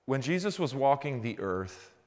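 A middle-aged man, a pastor, preaching a conversational sermon that swings between quiet reflection and animated storytelling. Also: medium pitch, moderate pace. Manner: conversational preaching, builds to animated frustration in anecdotes.

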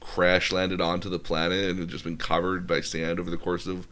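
A man's voice: deep voice, monotone, brisk, a bit bright. A man casually retelling a film plot, rambling with lots of fillers. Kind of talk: casual chat.

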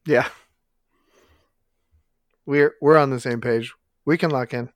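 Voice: medium pitch, fairly even intonation, slow, dry recording, studio quality. A trivia contestant chatting playfully and joking with teammates. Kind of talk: casual game chat.

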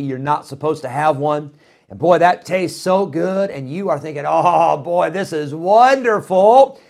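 A middle-aged man preaching a sermon in a folksy, animated way, with frequent fillers and restarts. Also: mid-range voice.

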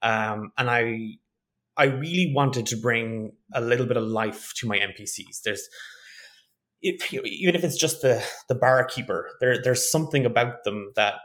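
A man's voice: medium pitch, normal speed, a bit bright. A man, a game master, chatting casually on a podcast and often restarting his sentences. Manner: restarts and repeats words, laughs easily.

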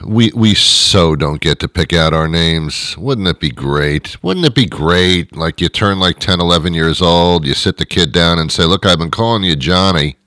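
A man's voice: low-pitched, expressive, measured pace, few pauses, no echo. Rambling man hosting a dry monologue. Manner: rambling, self-mocking, drifts between quiet asides and louder rants. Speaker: host.

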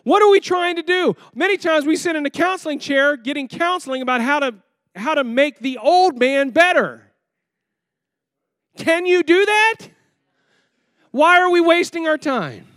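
A pastor preaching a sermon, firing rhetorical questions at the congregation and swinging between loud, emphatic lines and low, quiet ones. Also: male voice, lively intonation, moderate pace, no echo, studio quality.

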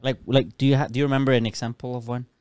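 A man's voice: mid-range voice, fairly even intonation, rapid-fire, darkish tone, clear, resonant tone, no echo. A man with a Mexican accent co-hosting a podcast, rambling and laughing through tipsy banter. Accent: Mexican Spanish. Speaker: podcast co-host. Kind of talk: casual chat.

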